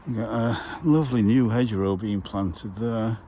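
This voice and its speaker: A man vlogging on a riverside countryside walk, thinking aloud and muttering to himself with pauses, a little out of breath. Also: fairly low pitch, warm tone. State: slightly out of breath from walking. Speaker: walking vlogger. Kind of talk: casual walking commentary. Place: outdoors on a riverside countryside path. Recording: outdoor noise and passing vehicles.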